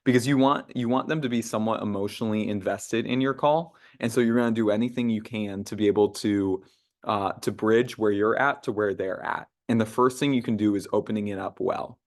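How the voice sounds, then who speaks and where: A man's voice: fairly low pitch, fairly even intonation, brisk. Chatty young man coaching sales calls. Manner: conversational, many "uh" fillers and restarts, acts out sample phone lines. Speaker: sales trainer. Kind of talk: casual team training talk.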